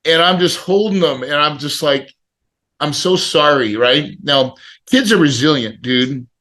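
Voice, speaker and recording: A middle-aged man on a podcast, telling a personal story in a casual, animated way and acting out the people he quotes. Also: a little high, a little slow. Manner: animated, acts out quoted dialogue. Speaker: podcast guest.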